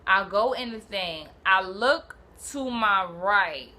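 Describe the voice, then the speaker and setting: A young woman from Brooklyn, telling a personal story in a casual, animated, slangy way and acting out what people said. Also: medium pitch, takes it slowly. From Brooklyn, New York. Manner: animated, swearing, slangy, acts out quotes.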